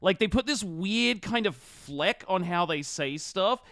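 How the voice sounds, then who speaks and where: A man's voice: high-pitched, lively intonation, pushed and bright, no room sound, clean studio sound. A man giving blunt, profane live-stream reaction commentary. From Australia. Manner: blunt, profane, quick to judge.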